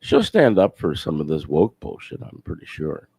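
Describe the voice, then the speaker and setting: A man's voice: a bass voice, wildly swooping pitch, moderate pace, creaky, mellow, breathy edge, no echo. A man on a call-in show, heckling and insulting the hosts. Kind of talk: heated call-in banter.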